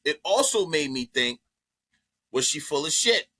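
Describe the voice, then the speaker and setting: A man on a podcast telling a story in a loose, profane way, acting out what people said. His voice is bright and forceful, and it sits a little high for a man. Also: a little slow. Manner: animated, profane, acts out quotes in voices. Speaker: comedian guest. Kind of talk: casual storytelling chat.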